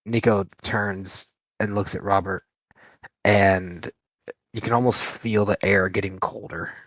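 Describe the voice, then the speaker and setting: A man with a lowish voice narrates a tabletop session as game master, unhurried and pausing now and then. The sound is dry and dull, like a lo-fi recording. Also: steady tone, fairly bright tone, dry recording. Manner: descriptive, unhurried narration with hesitations.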